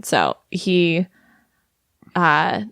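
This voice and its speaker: A woman's voice: on the low side, big pitch swings, drawn-out words, creaky, a bit bright, clear, resonant tone, dry recording, clean studio sound. A young adult woman comedian, a podcast guest, telling stories in a loose, chatty way with lots of fillers. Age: 20s to 30s. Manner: chatty storytelling with many fillers and laughs. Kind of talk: casual podcast interview.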